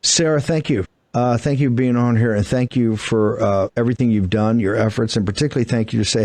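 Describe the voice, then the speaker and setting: Low-pitched guy hosting talk radio, blunt and punchy, dead dry sound with no room at all, just him right on the mic. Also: darkish tone, dry recording. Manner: blunt, emphatic, rapid asides. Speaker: radio show host.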